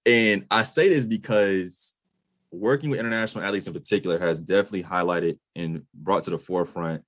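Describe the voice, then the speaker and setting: Speaking fairly quickly in a low, slightly bright voice with no echo, a man in his late twenties from the US conducts a podcast interview. He's earnest and emphatic while staying loose and casual with slang.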